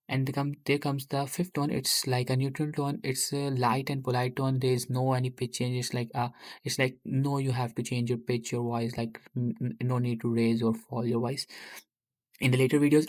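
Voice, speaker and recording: Monotone hesitant male language teacher. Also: mid-range voice. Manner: hesitant, frequent filler pauses. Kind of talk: narrated tutorial.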